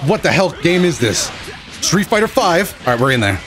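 A young man giving excitable, joking commentary over his own fighting-game matches, yelling at big moments. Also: a little high, normal speed. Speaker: gaming channel host. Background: game music.

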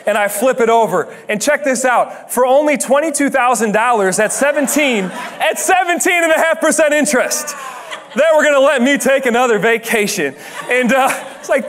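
A young man giving a chatty, joking sermon that tells a story and builds to shouted emphasis. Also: very high-pitched, expressive, moderate pace, a little hiss or hum. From Dutch heritage. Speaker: guest preacher.

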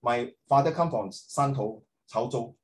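This is a rough recording with a little hiss or hum, featuring a middle-aged Singaporean-accented man teaching social studies. He speaks at a measured pace in a medium pitch, animated, joking and sarcastic, mixing in some Mandarin.

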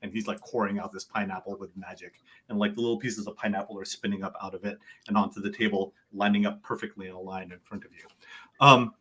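رجل مبحوح الصوت يدير لعبة أدوار. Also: male voice, fairly low pitch, slightly rough. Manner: lively, descriptive narration. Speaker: game master. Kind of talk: narrating a tabletop game. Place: home setup, online session.

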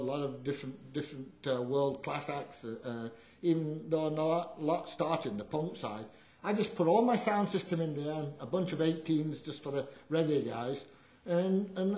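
Older male lecturer, lively raconteur, slightly high voice, dull roomy hall recording. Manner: animated storyteller, acts out quotes with big pitch jumps. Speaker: live sound engineer giving a talk. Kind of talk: anecdotal presentation to an audience.

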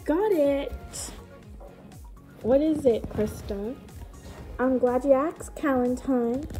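A woman's voice: sits high, slow, mellow, soft background music. A woman casually reading aloud her own childhood book and adding amused, mocking, incredulous comments on it.

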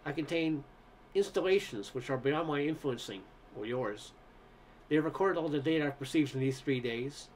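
Guy doing a tired alien scout, slow and flat, kinda grave, voice sits a bit high. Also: slight background noise, natural voice. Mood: dispassionate. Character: tall weary alien scout, grave and dispassionate.

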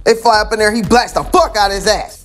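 A man's voice: high voice, fast, fairly bright tone, faint music behind. A man casually recapping a comic book story in slangy, heavily profane talk. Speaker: comic book video host.

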